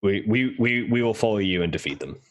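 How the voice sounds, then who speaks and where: A man's voice: on the low side, animated, brisk, voice pushed up, lightly acted. A man voicing a stern, zealous male paladin commander who declaims his orders solemnly. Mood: resolute.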